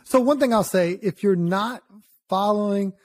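High-voiced easygoing man guest. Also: moderate pace, no echo. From Texas. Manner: easygoing, laughs often. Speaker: podcast guest. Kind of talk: casual chat.

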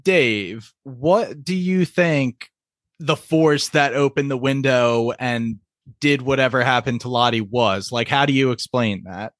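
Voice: mid-range voice, unhurried, dry recording, clean studio sound. Sawaal poochhta podcast host. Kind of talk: casual TV recap chat.

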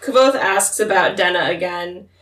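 A woman's voice: fairly low pitch, unhurried, a bit bright, recorded from a distance. A woman casually recapping and discussing a book with a co-host, often acting out characters' lines. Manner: chatty recapping, acts out characters' lines with laughter. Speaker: podcast co-host. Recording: roomy echo, voice set back from mic.

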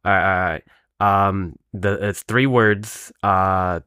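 Laid-back low-voiced man chuckling. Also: steady tone, measured pace, pushed and bright, clear, resonant tone, no echo, studio quality. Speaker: podcast co-host. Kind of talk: casual chat.

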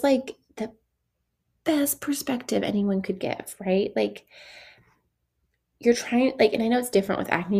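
A woman's voice: mid-range voice, gravelly, darkish tone, husky. A young adult woman hosting a solo podcast, chatting casually with many "like"s, laughing often and acting out dialogue. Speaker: podcast host, esthetician coach.

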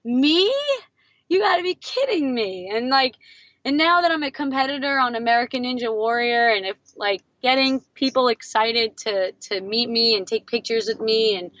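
A woman in her thirties, a guest on an interview podcast, telling her story in a lively way and acting out what others said. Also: no echo, highs cut off. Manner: animated, acts out quotes in a higher voice. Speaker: guest, entrepreneur.

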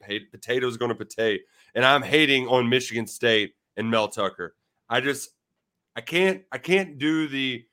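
A man's voice: mid-range voice, sharp tone. A man co-hosting a casual sports betting chat, with playful, self-mocking banter. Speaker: podcast co-host.

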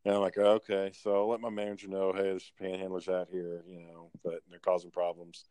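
A man's voice: deep voice, brisk, smooth, no room sound. Profane man telling stories. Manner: animated, profane, acts out the people in his stories. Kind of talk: casual storytelling chat.

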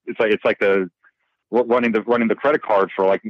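A fast-talking man from New York spins bartending stories in an animated, profane way, often restarting his sentences. The recording is dry and slightly dull. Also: fairly low pitch, no room sound. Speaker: bartender and guest. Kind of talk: casual storytelling.

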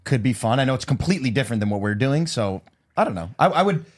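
A young man speaking fast as a podcast guest, tripping over his words and restarting his thoughts. His voice sits at an everyday male pitch. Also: lively intonation. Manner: halting, stammering restarts. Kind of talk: casual chat.

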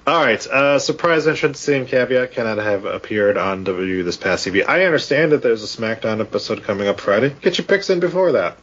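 A man hosting a casual podcast chat, husky and laughing often as he runs through picks. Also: mid-range voice, animated, fairly quick, few pauses, fairly bright tone. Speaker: podcast host. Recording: dull lo-fi audio.

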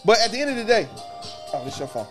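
A man from Detroit with a high, quick voice, telling stories in a loud, profane, animated way. He rattles through his tales with a bus driver's swagger in casual podcast talk. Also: soft background music. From Detroit, USA. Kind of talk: casual storytelling chat.

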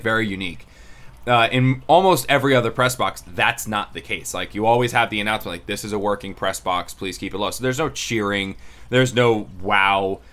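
A young man who covers football as a reporter, chatting casually on a live show and telling a press box story with lots of fillers, acting out what people said. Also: on the low side. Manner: animated storytelling, acts out quotes with rising excitement. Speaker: sports beat reporter. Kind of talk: casual podcast chat.

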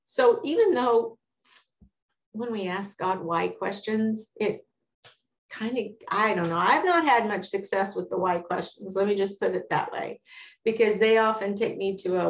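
A woman's voice: medium pitch, animated, unhurried. A woman giving an earnest, candid devotional teaching on a psalm, talking in a conversational way and quoting scripture. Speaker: Bible teacher. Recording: echoey room, dull lo-fi sound.

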